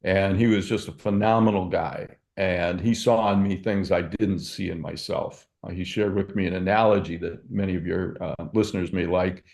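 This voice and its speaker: Man, older, from Michigan, low voice, reflective interview guest, anecdotal. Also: steady tone, moderate pace, gravelly, hardly any pauses, a little mellow. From Michigan, USA. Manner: reflective, anecdotal, with verbal fillers. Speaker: guest, entrepreneur. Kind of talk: storytelling interview.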